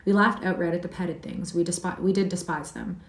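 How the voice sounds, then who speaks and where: A woman's voice: lowish voice, fairly quick, gravelly. A woman reading aloud as Heathcliff, a wild, defiant boy telling his tale with fierce scorn, heard in a roomy space from a distant mic. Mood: scornful.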